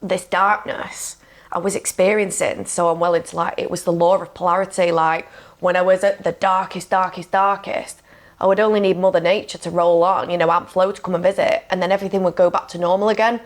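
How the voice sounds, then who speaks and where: A woman's voice: lowish voice, level tone, brisk. A woman speaking as a podcast guest and coach, telling a personal story frankly and emotionally, with lots of "like" and "you know". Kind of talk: candid conversational storytelling.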